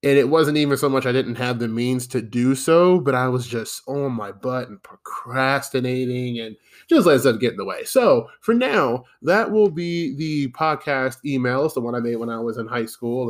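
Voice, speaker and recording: A man's voice: mid-range voice, moderate pace. A man hosting a solo podcast, ranting in an exasperated, profane, rambling way. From United States. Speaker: podcast host.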